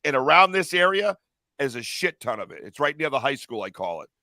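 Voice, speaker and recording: A man hosting a podcast, talking loudly and excitedly in casual chat, with some swearing. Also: mid-range voice, fairly quick, no room sound. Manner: loud, animated, cursing. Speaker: podcast host.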